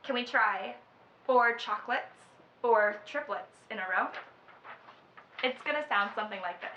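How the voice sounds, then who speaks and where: A woman's voice: on the high side, a little slow, long pauses, bright, forceful tone, slight background noise. A woman teaching a children's music lesson. She counts in and chants the rhythm words in time. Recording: echoey room, slightly dull sound.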